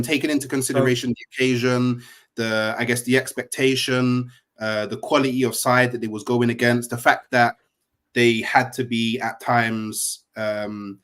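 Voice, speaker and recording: Man, panelist, casual tactics talk, hesitant, mid pitch. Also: fairly bright tone. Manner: hesitant, restarts, slangy. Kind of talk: casual football analysis chat.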